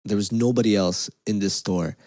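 A man, co-hosting a podcast and telling animated, profane stories in casual chat. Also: fairly low pitch, moderate pace, dry recording. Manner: animated, swears a lot, acts out quotes. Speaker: podcast co-host.

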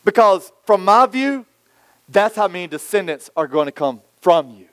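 Animated preacher man, dry close sound. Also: high-pitched, moderate pace, clean tone, no echo. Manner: storytelling, animated, acts out quoted voices. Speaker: pastor. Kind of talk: sermon.

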